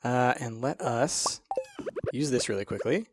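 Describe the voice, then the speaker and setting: A man's voice: mid-range voice, lively intonation, unhurried, slightly rough, no echo. A man casually commenting on a video game as he plays it, chatty and thinking aloud, with plenty of ums and uhs. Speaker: let's play host. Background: faint game music.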